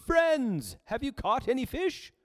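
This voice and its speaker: A man's voice: extremely high pitch, sing-song, slow pace, voice pushed up, full character voice. A man voicing Jesus as he calls out across the water, reading aloud in a sermon. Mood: calling. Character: Jesus, calm adult man calling out.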